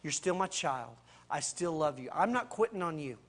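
A man voicing Jesus in a sermon, speaking softly and reassuringly. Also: fairly high pitch, lively intonation, normal speed, pitched below the performer's own voice. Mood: tender. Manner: soft, quiet and reassuring. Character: gentle, tender Jesus, adult man.

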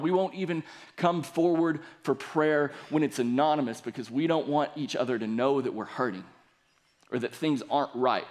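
A young man preaching a sermon, reading scripture aloud and building earnestly to emphatic points. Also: on the high side. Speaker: pastor.

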